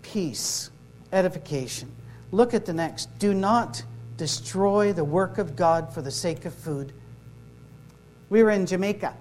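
A man's voice: sits high, expressive, unhurried, a little mellow, soft background music, poor audio. Storytelling man preaching. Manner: storytelling, acts out dialogue, joking. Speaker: minister. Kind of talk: sermon-style workshop talk.

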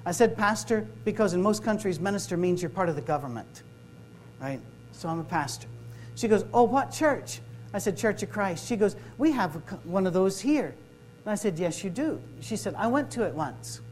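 A man with a high, darkish, animated voice speaks a little fast while giving a sermon-style workshop talk as a minister. He jokes, tells stories, and acts out the dialogue, with faint music behind him and poor audio overall.

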